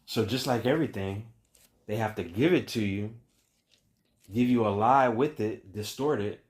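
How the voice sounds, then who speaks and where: A man giving an emphatic preaching monologue as a spiritual teacher. He builds his points through repeated refrains and swings between raised, loud stretches and hushed ones. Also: lowish voice, normal speed.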